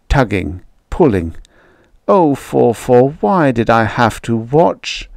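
A man narrating a dark vintage short story in the first person, reading slowly and in a brooding, emotional way. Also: medium pitch, wildly swooping pitch, gravelly, dry recording, studio quality. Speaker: audiobook narrator.

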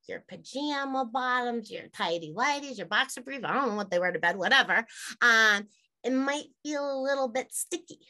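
This is a middle-aged woman teacher talking parents through a classroom lesson. She is frank and chatty and amused by her own jokes. Her voice has a bright, forward tone. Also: on the high side. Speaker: health teacher.

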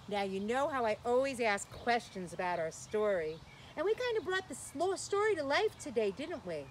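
A woman's voice: a little high, very animated, unhurried, fairly bright tone, a little hiss or hum. Sing-song woman hosting a children's show. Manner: sing-song, playful, asks young listeners questions. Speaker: children's program host. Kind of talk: children's sing-along lesson.

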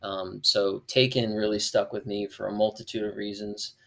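Young man, podcast guest, gravelly low voice, rambling with fillers. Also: normal speed. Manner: relaxed, rambling with many fillers. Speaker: podcast guest, former child actor. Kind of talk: casual interview chat.

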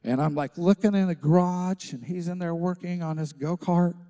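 A man, a pastor, telling a story in a sermon, acting out the voices and swinging from loud to hushed. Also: sits high, moderate pace, smooth. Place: church stage.

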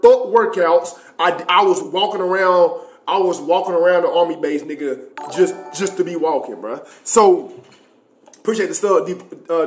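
High-voiced young man telling a story. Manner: loose, profane, slang-heavy, rambling. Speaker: streamer. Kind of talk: casual livestream storytelling. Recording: echoey room.

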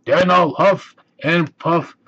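A man doing the big bad wolf, husky. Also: a little high, steady tone, slow, a bit bright, voice pushed up, heavily acted. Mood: menacing. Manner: roaring threats. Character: big bad male wolf, greedy and blustering. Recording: dull lo-fi recording.

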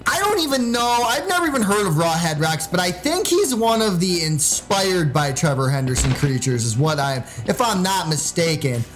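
Excitable man shouting over gameplay. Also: normal speed, few pauses, rough recording. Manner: loud, yelling and squealing at the mic; sudden high-pitched shrieks. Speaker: gaming channel host. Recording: music playing behind.

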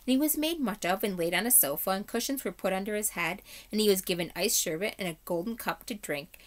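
A woman teacher reading a chapter book aloud to her class in a steady storytelling way. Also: on the low side.

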